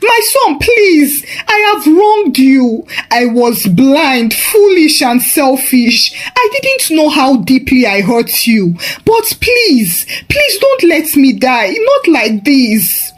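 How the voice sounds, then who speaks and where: A woman's voice: high voice, very animated, slow, hardly any pauses, voice pushed up, exaggerated voice. A woman voicing a desperate middle-aged mother who begs and weeps for her life. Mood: pleading, tearful. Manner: begging, tearful.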